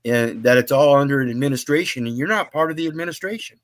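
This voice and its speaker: A man's voice: mid-range voice, fast, dry recording. Rambling man, dry close sound. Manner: rambling, hesitant, trails off softly. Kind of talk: casual chat.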